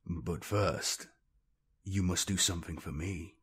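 A man voicing a brutal, imperious tyrant warlord who speaks in a commanding, low, growling tone. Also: fairly even intonation, takes it slowly, fairly bright tone, breathy edge, heavily acted.

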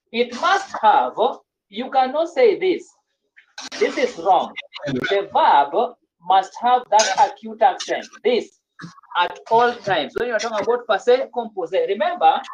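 A woman's voice: mid-range voice, darkish tone, slight background noise. A woman teaching a French grammar lesson in an online class, often repeating and restarting her words. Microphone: video call. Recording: dull lo-fi video call audio.

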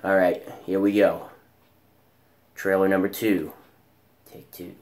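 A man with a deep, raspy early-morning voice talks slowly to his camera from home. He rambles casually and sounds sleepy and unhurried. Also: flat delivery. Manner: slow, sleepy, chatty, rambling. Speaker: reaction video host.

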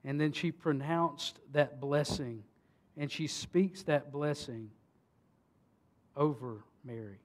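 Man, pastor, sermon, fairly high voice, emphatic then hushed, rhetorical questions. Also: slow pace. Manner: preaching with rising emphasis and hushed solemn stretches.

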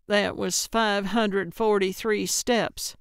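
An elderly, self-assured amateur sleuth, as a woman narrator puts her on. She speaks slowly and with confidence, in a smooth, clear voice with a dry studio sound. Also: mid-range voice, fairly even intonation, dry recording. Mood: confident. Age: older.

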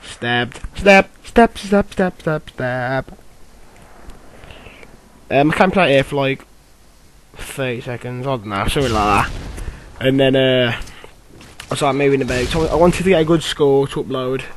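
A young man giving rambling, filler-heavy commentary over his own gameplay, with bursts of excitement. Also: medium pitch, a little hiss or hum, low-quality recording. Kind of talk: casual game commentary.

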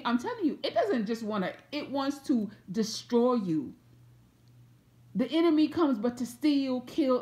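A woman from Atlanta with a Southern accent, preaching an informal prophetic word to camera and acting out the people in the story. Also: a little high. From Atlanta, USA. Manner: animated, repeats phrases, acts out voices of people in the story.

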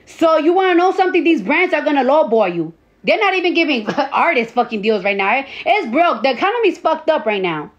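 A woman in her early thirties talks straight into her phone on a livestream. Her voice sits high. She is blunt and profane and hammers her points by saying them again and again. The audio is a little dull and lo-fi. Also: big pitch swings, fairly quick, hardly any pauses. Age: 30s. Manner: blunt, profane, repeats lines for emphasis. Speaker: social media personality. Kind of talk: casual livestream rant.

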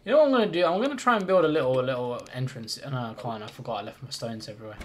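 This medium-pitched male streamer is expressive and rapid-fire, chatting casually on a live stream while playing a building game. He thinks aloud and greets and thanks viewers in chat, with slight background noise present.

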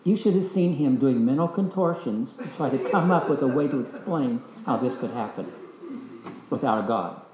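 An older man teaching a discipleship class, telling a personal story in a lively, anecdotal way and voicing the people in it. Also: medium pitch, normal speed, a crowd in the background. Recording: echoey hall.

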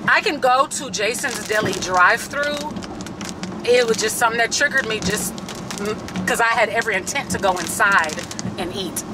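A woman's voice: on the high side, normal speed, noisy background. A woman talking bluntly and tearfully in a casual vlog, swearing freely. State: tearful, emotional. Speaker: vlogger. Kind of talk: emotional vlog talk. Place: in a parked car.

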